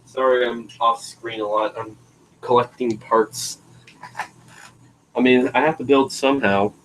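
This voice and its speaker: Easygoing guy thinking out loud mid-build, faint hiss behind. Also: mid-range voice, fairly even intonation, a little slow, poor audio. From northeastern Pennsylvania, USA. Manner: laid-back, thinks aloud while building. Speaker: stream host building a toy train station. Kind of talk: casual chat.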